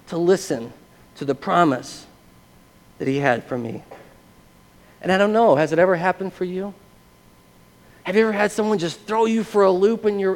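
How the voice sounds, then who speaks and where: A man's voice: a little high, long reverb tail. A man preaching a sermon as pastor, telling a personal testimony in an earnest, conversational way and often checking in with listeners.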